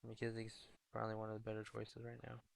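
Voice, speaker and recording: A young man streaming a fantasy football update in casual chat, talking low and half-whispered in a hallway indoors. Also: completely flat delivery, fast, creaky, no room sound. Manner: low, half-whispered talk, chatting with viewers.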